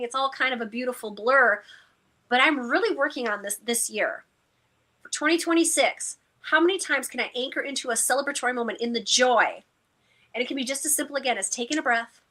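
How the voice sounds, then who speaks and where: A woman's voice: high voice, brisk, pushed and bright. A woman co-host in a casual chat, upbeat, encouraging and effusive.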